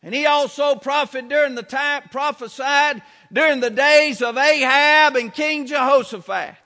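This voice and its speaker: A man preaching a sermon, emphatic and building to shouts on his key points. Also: very high-pitched, a little slow. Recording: reverberant hall.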